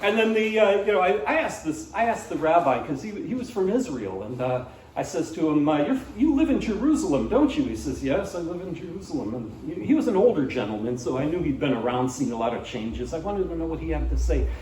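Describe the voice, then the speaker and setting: A man's voice: on the high side, animated, brisk, echoey room, far from the mic, crowd noise, poor audio. A man doing live stand-up at a small cafe, rambling with many fillers and restarts. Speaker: stand-up comedian. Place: small cafe venue, indoors.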